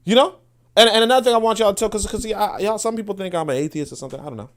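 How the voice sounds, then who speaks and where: A man's voice: high-pitched, very fast. A man, hosting a podcast in a blunt, profane, casual monologue that often restarts and repeats words. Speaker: podcast host.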